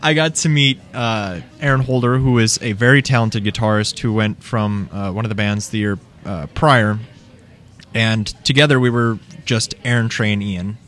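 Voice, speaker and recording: A man's voice: fairly low pitch, moderate pace, fairly bright tone. A young adult man, a musician guest, telling rambling band stories with chuckles in a casual interview at a coffee shop.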